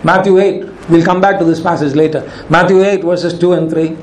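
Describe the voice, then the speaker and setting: A man preaching a sermon as pastor, emphatic, slowing and rising in pitch when he quotes commands. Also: steady tone, reverberant, low-quality recording.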